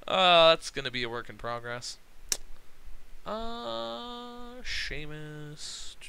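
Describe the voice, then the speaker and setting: Young male streamer, slow and very bright, excitable and profane, casual gaming chat. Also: medium pitch, poor audio. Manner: excited, profane, laughing often. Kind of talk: casual gaming livestream commentary.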